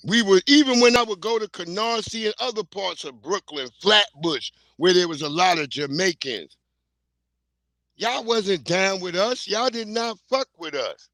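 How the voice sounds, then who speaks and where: A man's voice: high voice, a little slow, fairly bright tone, no room sound. A middle-aged man, hosting a livestream in a blunt, heated, profane rant. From New York. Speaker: livestream host. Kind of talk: casual ranting commentary.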